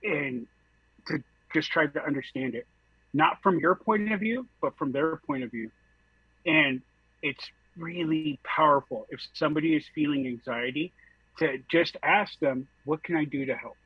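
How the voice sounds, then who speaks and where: A man from San Francisco joins a podcast as a guest, talking earnestly and leaning on "like" as he goes. His voice is a touch husky and sits somewhat high, and the recording is dry and dull, in lo-fi. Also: moderate pace, no echo. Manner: earnest, with many "like" fillers. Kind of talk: casual podcast chat.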